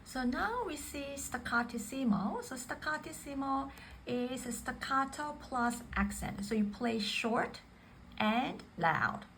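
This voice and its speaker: A woman's voice: high-pitched, lively intonation, slow pace, fairly bright tone, slight background noise, poor audio. A woman teaching piano technique in a patient way, repeating and rephrasing each point. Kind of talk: spoken instruction. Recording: faint piano music behind. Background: piano playing.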